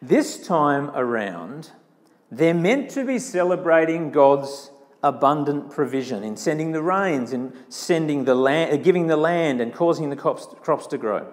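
A man preaching a sermon in a church, animated, acting out quoted voices with big swings in tone. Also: on the high side, measured pace. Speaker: pastor. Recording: long church hall reverb.

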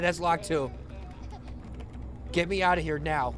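A man's voice: on the high side, unhurried, a bit bright, soft background music. A man streaming a horror game, panicky and frantic, swearing as he reacts. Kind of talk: live horror game commentary.

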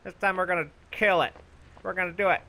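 A young man commentating his own gameplay, bragging goofily about being a genius and yelling for help in mock panic. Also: sits high, steady tone, fast, a little hiss or hum. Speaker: gaming YouTuber. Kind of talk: let's play commentary.

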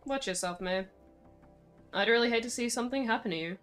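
A woman's voice: fairly high pitch, a little fast, a bit bright, faint music behind, close to an everyday voice. A woman voicing a stern small-town female police officer in a game, speaking in a cold, warning way. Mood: menacing.

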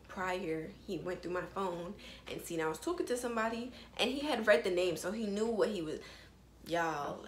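A young woman tells a story to her viewers in a loose, chatty way, full of quick asides. Her voice sits in a middle range. The room is echoey, with a faint hum behind her. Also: medium pitch. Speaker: vlogger. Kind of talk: storytime vlog, casual chat.

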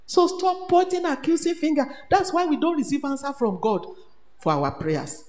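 Nigerian woman preacher, animated sermon, echoey hall, long reverb. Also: high-pitched, a little slow. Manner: animated, switches between English, Pidgin and Yoruba. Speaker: retreat speaker.

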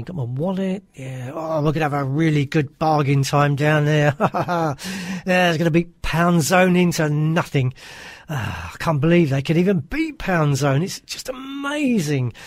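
Man as a cheerful innocent sitcom lead, animated, dry studio sound. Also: fairly high pitch, dry recording. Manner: chatty, easily delighted, muttering to himself. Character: Harris, naive cheerful man. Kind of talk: amateur radio comedy acting.

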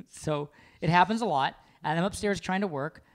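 A man's voice: high voice, normal speed. A man co-hosting a casual chat, emphatic and exasperated, mimicking his partner as he makes his point. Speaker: podcast co-host.

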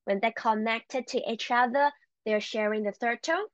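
A woman teaching a Chinese language lesson, encouraging and repeating words slowly for learners. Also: a little high, dry recording, dull audio.

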